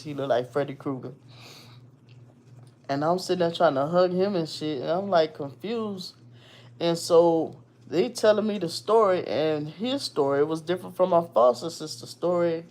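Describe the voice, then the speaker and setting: A woman from Virginia hosting her show, casually telling a personal story in a blunt, animated, profane way. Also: low-pitched, unhurried.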